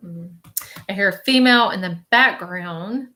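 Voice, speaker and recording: A woman's voice: mid-range voice, a little slow, sharp tone. A woman hosting a live stream as a spiritual medium, chatty and reassuring, repeating messages and checking in with the viewers. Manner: chatty, repeats phrases, relays messages as quotes; reassuring, keeps checking in with "okay?". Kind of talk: live stream psychic reading.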